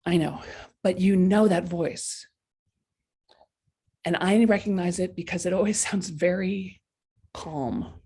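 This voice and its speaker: On a live coaching stream picked up by a webcam or laptop mic, a woman with a lowish, slightly rough voice speaks slowly and pauses often. She's lively, blunt, and casual, giving viewers a motivational talk directly and acting out the voices in their heads.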